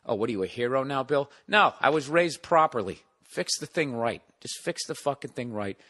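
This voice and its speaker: A man's voice: medium pitch, fairly bright tone. Profane, exasperated male podcast host. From United States. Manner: profane, exasperated ranting with sarcastic asides. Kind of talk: solo comedic rant.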